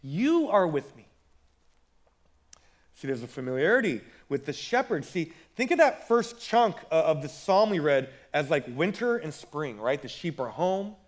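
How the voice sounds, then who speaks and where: Brief: male pastor, high voice, chatty sermon delivery, repeats words. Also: big pitch swings, moderate pace, few pauses. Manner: conversational, repeats words when building a point.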